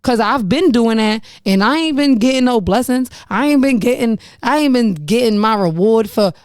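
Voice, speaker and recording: A woman's voice: on the high side, animated, moderate pace, darkish tone, clean tone, no room sound, clean studio sound. A young woman hosting her own podcast, telling her personal story candidly and frankly, swearing and laughing about painful memories. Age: young adult. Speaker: podcast host.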